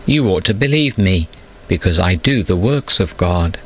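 A man voicing a gentle, patient male teacher in a Bible storybook, calm and kindly. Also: deep voice, normal speed, slight background noise. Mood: earnest.

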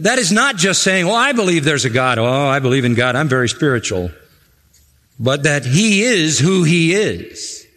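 A man preaching an expository sermon, emphatic and repeating phrases for stress, slowing and speeding as he drives points home. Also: mid-range voice, a bit bright. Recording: hall reverb.

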